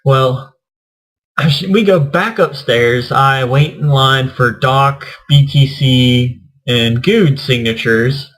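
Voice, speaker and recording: He takes his time, a gaming YouTuber with a medium-pitched, fairly bright voice, drifting through a casual convention story and playing out the quotes. The recording is low in quality.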